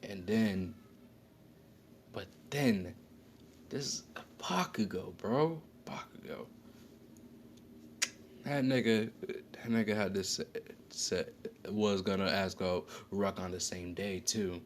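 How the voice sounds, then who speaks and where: Casual storyteller, male, low voice, loose and rambling, slangy, faint background hiss. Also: slow pace, pauses often. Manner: rambling, slangy, frequent self-corrections and fillers.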